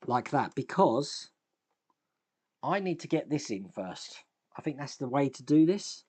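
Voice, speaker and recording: A man chats his way through a fiddly model build at a workbench and talks to himself as he fits parts. His voice sits at a middle pitch, and he breaks in with small sighs and wry, self-deprecating asides. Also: very animated, measured pace, darkish tone. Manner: thinks aloud while working, self-deprecating, sighs and chuckles. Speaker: host, scale model builder. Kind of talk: casual build commentary.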